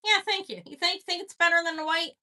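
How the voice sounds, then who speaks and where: A woman's voice: very high voice, fast talker, sharp tone. A woman hosting a live jewelry sale stream, chatting casually and rambling as she greets viewers by name.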